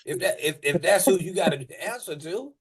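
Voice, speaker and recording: A man who owns a moving company, telling stories on a casual podcast, animated and profane, laughing and restarting his sentences. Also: high-pitched, brisk, a crowd in the background. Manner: many restarts and repeated words.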